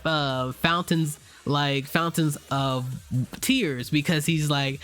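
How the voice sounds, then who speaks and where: A man's voice: on the high side, fairly even intonation, a little slow, a bit bright. A man giving a loose, unscripted spoken review, full of fillers, restarts and casual swearing. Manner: swears freely, slangy. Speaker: anime reviewer.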